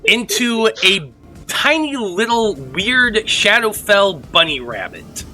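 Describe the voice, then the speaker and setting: A game master narrating a tabletop game in a relaxed, easygoing way. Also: medium pitch, takes it slowly.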